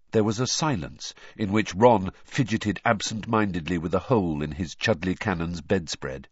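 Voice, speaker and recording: A man narrating an audiobook with expressive storytelling, on a dull lo-fi recording. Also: deep voice, moderate pace, hardly any pauses, breathy edge, no echo. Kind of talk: audiobook reading.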